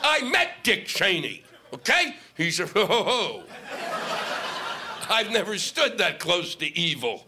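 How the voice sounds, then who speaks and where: A man doing a stand-up comedy set on stage, ranting and profane, shouting his punchlines over audience laughter. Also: high voice, big pitch swings, slow pace, background noise. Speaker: stand-up comic.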